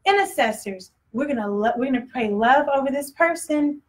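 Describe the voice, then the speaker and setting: High-voiced woman preaching conversationally. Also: lively intonation, moderate pace, rough recording. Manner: conversational, laughing often, acting out voices. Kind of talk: sermon.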